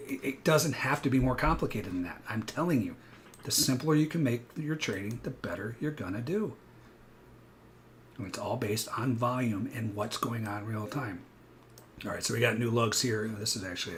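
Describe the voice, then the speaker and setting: A man's voice: lowish voice, slight background noise. A man coaching viewers through live futures trades, explaining chart patterns and acting out panicked traders with bursts of energy. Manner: animated, acts out panicked traders, rapid asides. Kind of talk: live trading walkthrough.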